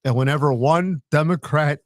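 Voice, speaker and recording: A man's voice: a little high, moderate pace, no echo, studio quality. An older man co-hosting a podcast, joking wryly in casual chat. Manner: joking, wry. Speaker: podcast co-host.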